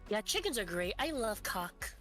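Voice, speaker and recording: Woman, mid-pitched, goofy, rambling, casual gaming chat, faint music. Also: sing-song, fairly bright tone. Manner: rambling, goofy, rapid asides. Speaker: stream guest.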